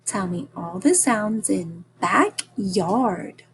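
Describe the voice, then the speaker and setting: Woman teacher, children's phonics lesson, encouraging, unhurried, faint background hiss. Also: medium pitch, lively intonation. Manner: slow, deliberate, encouraging, sounding out each phoneme.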